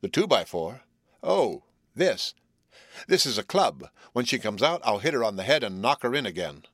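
A man's voice: mid-range voice, big pitch swings, moderate pace, fairly bright tone, husky, no room sound, studio quality. A male reader voicing a wild, resentful young man who clowns around, raising his voice, in a storybook reading.

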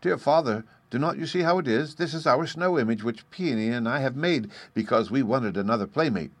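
A man's voice: medium pitch, expressive, fairly quick, no room sound, voice pushed up, natural voice. A man voicing an earnest, pleading little girl in a storybook reading.

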